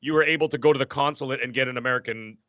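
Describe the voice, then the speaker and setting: A man's voice: medium pitch, racing, no room sound. A Canadian man chatting on a gaming show, ranting and laughing a lot, with a voice he says is worn out. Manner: animated, ranting, laughs often. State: losing his voice. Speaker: show regular. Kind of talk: casual chat. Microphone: headset.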